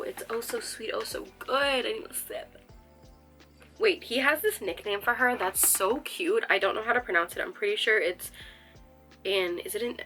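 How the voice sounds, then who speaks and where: A woman's voice: a little high, sharp tone, poor audio. A young woman chatting casually as a book vlogger, gushing and rambling with lots of fillers. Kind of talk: casual chat.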